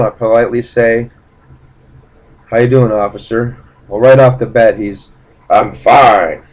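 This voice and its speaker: A vlogger with a medium-pitched, slightly mellow voice casually tells a personal story, blunt, profane and indignant, rambling with fillers and restarts. The recording is rough.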